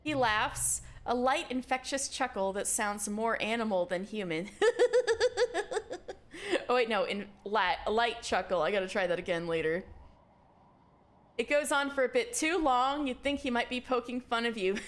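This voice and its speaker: High-voiced giggly woman streamer. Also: moderate pace. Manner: giggly, excitable. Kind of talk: live game playthrough, reading text aloud.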